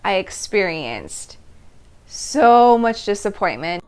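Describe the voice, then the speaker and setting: A woman in her thirties hosting a personal storytelling monologue, animated and laughing between phrases as she acts out her past reactions. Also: mid-range voice, slow pace, slight background noise. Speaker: host.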